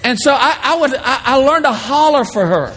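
A man preaching a sermon, telling playful stories and acting out shouted voices. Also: very high voice, moderate pace, in a large hall, slight background noise. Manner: animated, playful storytelling with shouted impressions. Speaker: pastor.

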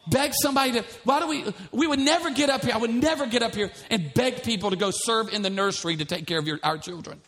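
A man's voice: very high-pitched, quick pace, few pauses, a bit bright. A male pastor preaching a sermon in a church, emphatic, with many repeated rhetorical questions.

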